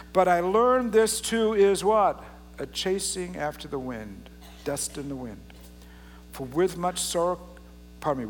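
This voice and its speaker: A pastor preaching a casual, joking sermon and reading scripture aloud with drama. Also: male voice, a little high, long reverb tail, a little hiss or hum. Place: church sanctuary.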